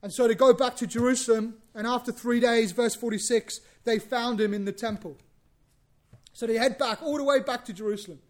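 A man preaching a sermon, lively and conversational, acting out bits of dialogue and repeating words as he goes. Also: very high voice, a little fast. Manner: animated, acts out biblical dialogue, repeats himself.

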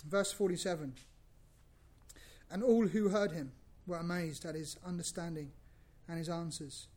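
A man preaching a sermon, lively and conversational, acting out bits of dialogue and repeating words as he goes. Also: on the high side, moderate pace. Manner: animated, acts out biblical dialogue, repeats himself.

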